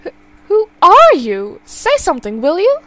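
A woman doing a frail old mother who has lost her grip on who people are, her voice fretful and quavering and climbing high when she panics. It is a shrill, thin old-lady voice, full of worry. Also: very animated, unhurried. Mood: panicked. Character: frail confused elderly mother, frightened and shrill.

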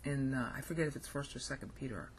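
A woman's voice: very deep voice, fast talker, slight background noise. A woman with an American accent giving an informal recorded lesson, thinking aloud and often checking in with "okay?". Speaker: language teacher.

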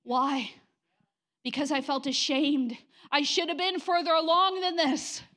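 High-voiced woman pastor preaching. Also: fairly even intonation, a little slow. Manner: impassioned, drops to soft whispers when quoting God. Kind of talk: sermon.

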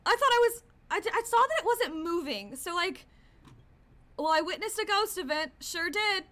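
High, bright-voiced jumpy woman streamer. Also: animated, normal speed. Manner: jumpy and easily startled, gasping and swearing. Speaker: streamer playing a horror game. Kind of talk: live game commentary.

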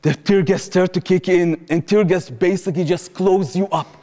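A young man with an Israeli accent tells a story to a live audience in a high, lively voice that rings through a long-reverb hall. He speaks English as a second language, narrates in the present tense and acts out the voices of the people in the story. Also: normal speed. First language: Hebrew. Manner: vivid first-person storytelling in present tense, acting out voices. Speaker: speaker at a public talk. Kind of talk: storytelling talk. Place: lecture hall before an audience.

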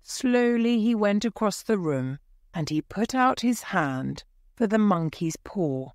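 A woman narrating a story for English learners in a slow, clear, measured reading. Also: mid-range voice, animated, darkish tone, no echo, studio quality.

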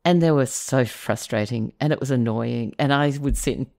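Gravelly-voiced woman, middle-aged. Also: extremely low pitch, moderate pace, a little mellow. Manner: chatty, anecdotal, many fillers. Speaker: podcast host. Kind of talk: casual conversation.

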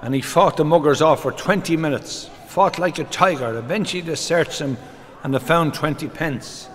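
An Irish man, a comedian, doing live stand-up, briskly rattling off short jokes as quick back-and-forth exchanges. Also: fairly high pitch, a bit bright. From Ireland. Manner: brisk storyteller, rattles off quoted exchanges with repeated "he says". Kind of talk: live stand-up joke telling. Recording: reverberant venue with background noise.

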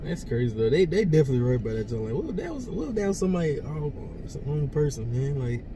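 Soft-spoken young man, noisy room. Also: on the high side, big pitch swings, fast. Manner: soft, soothing, repeatedly comforting. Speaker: reaction channel co-host. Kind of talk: casual reaction chat.

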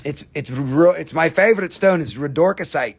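A man hosting a live sales stream, excitable and theatrical, swearing freely as he gushes over the goods. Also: a little high, normal speed, gravelly, husky. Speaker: live-stream seller, host.

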